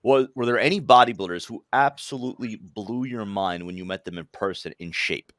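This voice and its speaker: A man reading out a viewer's question to the host, slowly and plainly. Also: on the low side, a bit bright, dry recording.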